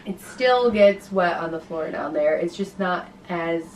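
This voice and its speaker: Casting: lower-pitched woman, vlog co-host, casual chatty storytelling. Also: measured pace, slight background noise, rough recording. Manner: chatty, finishes her husband's sentences. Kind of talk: casual chat.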